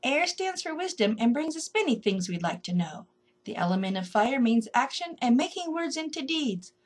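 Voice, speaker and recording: A woman's voice: high voice, big pitch swings, moderate pace, pitched above the performer's own voice. A woman voicing a polite, curious young male rabbit who speaks eagerly. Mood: earnest.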